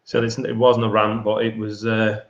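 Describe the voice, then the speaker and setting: A man's voice: on the low side, completely flat delivery, normal speed. A man chatting as a guest on a livestream, telling rambling stories full of fillers over a video call. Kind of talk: casual chat. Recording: roomy, dull video call audio.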